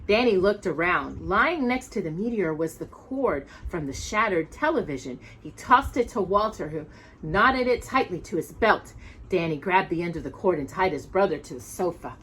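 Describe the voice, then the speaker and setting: A woman storyteller reading a picture book aloud. Her voice is bright, and her pitch moves a great deal as she animates the story. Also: normal speed, slight background noise. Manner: expressive, animated.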